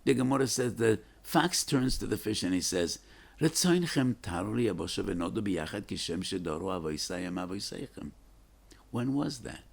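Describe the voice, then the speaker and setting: An older rabbi giving a storytelling Torah class in a deep, low voice. His tone is gravelly and a little husky. He speaks earnestly and with emphasis, dropping Hebrew and Yiddish terms into his English. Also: animated, moderate pace. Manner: earnest and emphatic, with rising, pleading questions.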